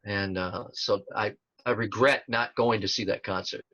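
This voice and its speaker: Here a man in his sixties speaks in a fairly low, steady, pushed, bright voice at a normal pace. He's a tribute performer telling rambling stories in a relaxed interview, prone to fillers and restarts, recorded with no room sound in dull lo-fi quality.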